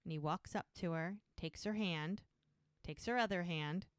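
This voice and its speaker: A woman's voice: lowish voice, moderate pace, clear, resonant tone, no room sound, clean studio sound. Chatty woman recapping a show. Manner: chatty, retells scenes by quoting the characters. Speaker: podcast co-host. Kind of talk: casual episode recap.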